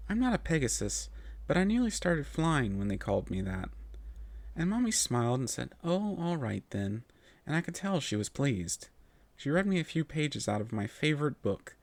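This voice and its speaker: A man reads a first-person story aloud, expressive and melodic, with his pitch rising and falling widely. His voice sits in a middle register. The recording is dry and close to the mic. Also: no room sound. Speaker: narrator.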